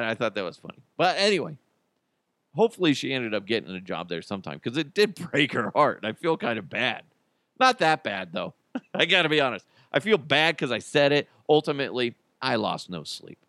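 A man's voice: lowish voice, sharp tone, dry recording. A man hosting a podcast in casual solo chat, rambling and joking with lots of filler words. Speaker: podcast host.

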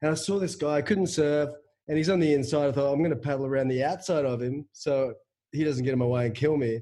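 A man with a husky voice, telling a profane, animated story in casual chat as a podcast co-host. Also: a little high, fast talker.

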